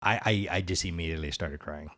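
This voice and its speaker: A man's voice: low voice, fast, sharp tone. A man in his forties, a podcast host telling a personal story in an earnest, reflective way during a casual chat. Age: 40s.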